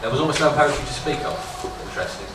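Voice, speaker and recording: A man's voice: mid-range voice, very fast. A man as a judge at a comedy poetry contest, giving a dry, mock-pompous critique. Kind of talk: comic judging critique. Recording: echoey room, distant mic, music behind.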